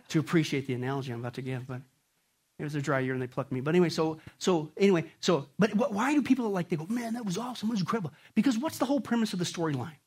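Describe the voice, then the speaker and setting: A man preaching a sermon, animated, swinging between loud bursts and quiet stretches. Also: high voice, breathy edge. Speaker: pastor.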